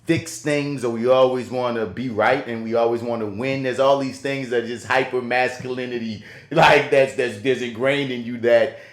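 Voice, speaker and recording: A man's voice: mid-range voice, steady tone, normal speed, few pauses. A man co-hosts a podcast in loose, casual chat, telling stories with heavy slang and constant swearing. His voice sits in a middle register. It rings in an echoey, roomy space. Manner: profane, emphatic slang-heavy storytelling. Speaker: podcast co-host. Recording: roomy echo.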